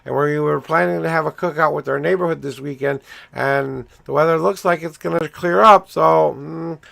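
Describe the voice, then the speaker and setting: Middle-aged male tarot streamer, very gravelly, slightly high, chatty and rambling, voice swings up and down. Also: moderate pace, a bit bright. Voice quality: voice swings up and down in pitch. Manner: chatty, rambling, addresses viewers directly. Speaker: tarot reader. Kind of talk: casual livestream tarot reading.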